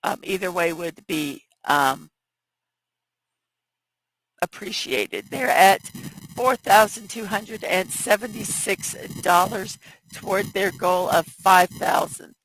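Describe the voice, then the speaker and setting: Hoarse, slow-talking woman host. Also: mid-range voice, fairly bright tone, a little hiss or hum, poor audio. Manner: reads viewer chat aloud, chatty and apologetic. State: scratchy, hoarse voice. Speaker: morning show host. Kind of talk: casual livestream chat. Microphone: headphone mic.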